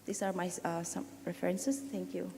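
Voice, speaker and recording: A woman's voice: fairly low pitch, flat delivery, moderate pace, creaky, warm tone, a little hiss or hum. A woman giving an academic conference presentation, speaking with hesitations and self-corrections. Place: conference hall. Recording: reverberant hall audio.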